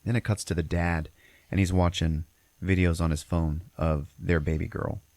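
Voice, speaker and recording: A man with a very deep, low voice recaps a film plot for his podcast, rambling and cursing freely as he goes. The sound is dry and close, with no room around it. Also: steady tone, moderate pace, darkish tone, no echo. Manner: profane, rambling storyteller. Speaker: podcast host. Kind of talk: casual movie recap.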